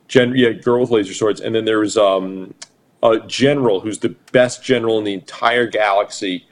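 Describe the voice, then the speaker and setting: A man with a somewhat low voice rambles through a movie plot, joking and piling on fillers. His delivery is loose and conversational, the easygoing side of podcast banter. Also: steady tone, normal speed. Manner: rambling, jokey, many fillers. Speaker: podcast co-host. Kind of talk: casual movie review chat.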